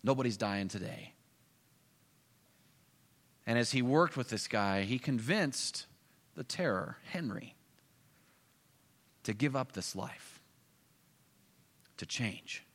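Animated preacher in an echoing hall. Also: male voice, medium pitch, slow pace, pauses often. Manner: animated, swings between loud bursts and hushed asides. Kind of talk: storytelling sermon. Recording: echoey hall.

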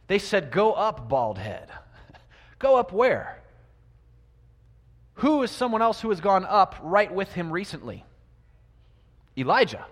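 High-voiced man preaching in a reverberant hall. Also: lively intonation, slow, long pauses. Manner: asks the congregation many rhetorical questions; swings between loud emphasis and quiet asides. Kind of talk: sermon. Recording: long reverb of a large hall.

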